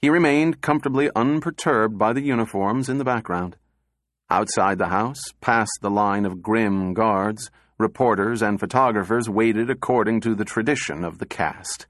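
A man narrating an audiobook story in a measured, even way. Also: on the low side, no echo, studio quality.

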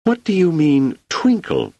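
A man reading an audiobook voices an indignant, skeptical woman colleague, raising his voice high for her. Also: very animated, measured pace, breathy edge, dry recording.

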